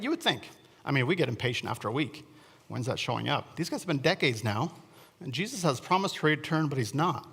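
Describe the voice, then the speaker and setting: A man's voice: medium pitch, a bit bright, big-room sound. A man preaching a conversational sermon, often turning to the congregation with questions and offhand asides. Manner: chatty, asks the congregation questions, self-deprecating asides. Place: church sanctuary.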